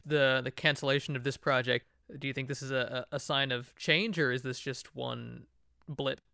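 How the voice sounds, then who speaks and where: A male interviewer puts short, direct questions to his guest. His voice is bright and forceful, clean and crisp, and recorded very dry with no room sound. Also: mid-range voice, fairly even intonation, normal speed, no room sound.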